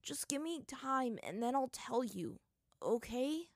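A woman's voice: high-pitched, expressive, slow pace, no echo, studio quality, voice pushed up. A woman voicing an anxious young boy who pleads with his friends. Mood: pleading.

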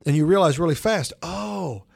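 A middle-aged man from the United States, a guest comedian telling stories in a casual interview, animated, with many fillers and restarts. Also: medium pitch, moderate pace, dry recording, studio quality.

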